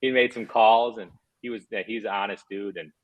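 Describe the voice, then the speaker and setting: A man's voice: lowish voice, fairly even intonation, brisk, lo-fi sound. A man in his thirties, a former hockey player, telling stories in a candid, rambling way full of fillers and restarts. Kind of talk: casual interview chat.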